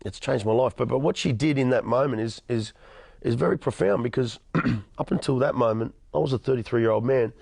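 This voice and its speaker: Gravelly, husky Australian man. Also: medium pitch, a little fast, darkish tone, no room sound, studio quality. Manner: emphatic, repeats words and restarts often. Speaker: interview guest, motivational speaker. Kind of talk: personal testimony in a studio interview.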